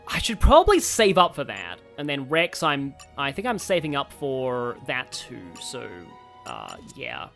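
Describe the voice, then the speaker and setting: A man's voice: mid-range voice, huge pitch swings, a little slow, gravelly, fairly bright tone. A man streaming a game, thinking aloud in a rambling casual way with many fillers. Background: faint game music.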